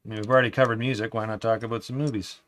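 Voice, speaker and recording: A man hosting a casual live stream from his desk, chatting easily, reading viewer comments aloud and often calling people "man", sometimes trailing into a quiet mutter while he builds. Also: lowish voice, steady tone, racing, a little hiss or hum.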